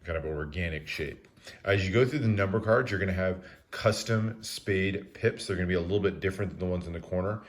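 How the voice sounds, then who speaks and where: A man giving a relaxed, methodical review of a deck of playing cards, with frequent "uh" fillers. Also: low voice, brisk. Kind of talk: casual product review narration.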